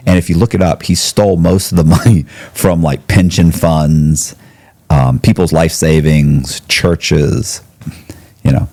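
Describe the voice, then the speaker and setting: A man telling a story as a podcast guest in casual talk, animated, and he jumps up high when he quotes people. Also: unhurried. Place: podcast studio.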